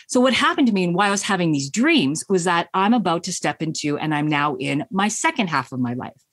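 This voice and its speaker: A woman's voice: fairly low pitch, very animated, a little fast, fairly bright tone, no echo. Earnest woman telling her story, dry sound. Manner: earnest, heartfelt, acts out her own past thoughts. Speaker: business coach. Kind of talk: personal storytelling in a podcast interview.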